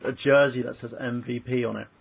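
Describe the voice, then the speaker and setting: Gravelly man on a phone line. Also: medium pitch, steady tone, fast, slight background noise. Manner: chatty, browses a wiki while talking. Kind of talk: casual group chat. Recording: phone-like call audio.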